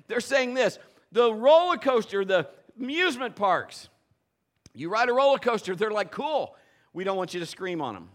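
A man's voice: high voice, sing-song, moderate pace, a bit bright. A middle-aged man, a pastor, telling a funny story in a sermon and acting out the voices, laughing often.

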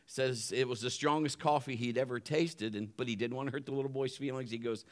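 A man's voice: mid-range voice, steady tone, fairly quick. A man, a pastor, opening his sermon with jokes and laughing at his own punchlines. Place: church building.

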